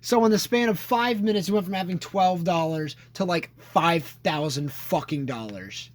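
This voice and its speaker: A young man chats on a podcast with a fairly high voice. He tells crude, rambling stories and laughs often. His talk is loose and casual. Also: normal speed. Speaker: podcast co-host. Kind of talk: casual chat.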